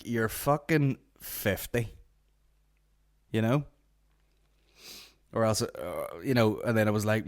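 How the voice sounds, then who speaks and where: A man with a fairly low voice hosting a comedy podcast, recorded close and dry with no room sound. He rambles through crude stories in a deadpan, profane way, trailing off and restarting. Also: no room sound. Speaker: podcast host. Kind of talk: comic podcast rant.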